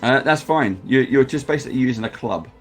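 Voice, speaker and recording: A man's voice: mid-range voice, expressive, fairly quick, faint music behind. A man narrating as game master, acting out crowd noises and sound effects.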